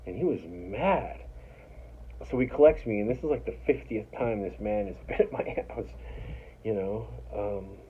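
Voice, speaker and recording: Deep-voiced man rambling over a tinny line. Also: expressive, a little slow. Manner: rambling, profane, self-deprecating, with many restarts. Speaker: storyteller recounting his life. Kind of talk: casual first-person storytelling. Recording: tinny phone-like audio with faint noise.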